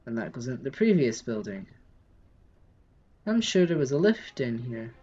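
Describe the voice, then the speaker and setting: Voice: mid-range voice, sing-song, normal speed, mellow, slightly rough, muffled recording. Chatty live-streamer. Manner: chatty, reads and answers chat while playing. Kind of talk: casual gameplay live stream.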